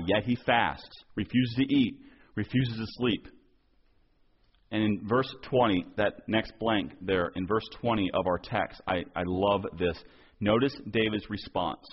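A low-pitched, husky man preaches a sermon in an earnest, pressing way, often doubling back on words as he goes. The recording is dull and lo-fi, with the top end rolled off. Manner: earnest, repeats and restarts words while preaching. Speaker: pastor.

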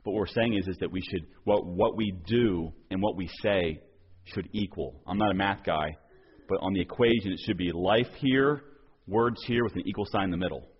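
A low-pitched, husky man preaches a sermon in an earnest, pressing way, often doubling back on words as he goes. The recording is dull and lo-fi, with the top end rolled off. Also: moderate pace. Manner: earnest, repeats and restarts words while preaching. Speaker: pastor.

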